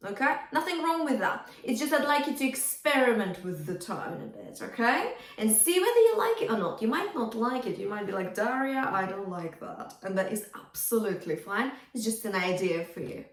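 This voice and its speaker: Woman vocal coach, fairly high voice, encouraging, breaks into short sung demos; recorded a bit off-mic in a roomy space. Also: very animated, a little fast, few pauses. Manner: encouraging, demonstrative, sings short phrases to show. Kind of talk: singing lesson feedback with sung demonstrations. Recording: roomy, from a distance.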